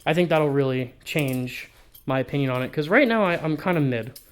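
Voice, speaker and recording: Casual, rambling man with a higher voice. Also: lively intonation, brisk, a little hiss or hum. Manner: rambling, offhand, sprinkled with swearing. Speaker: balisong reviewer. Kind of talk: casual review vlog.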